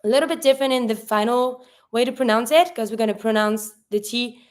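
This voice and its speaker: A woman's voice: fairly high pitch, a little fast. A woman teaching a French lesson, explaining pronunciation patiently step by step. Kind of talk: online language lesson.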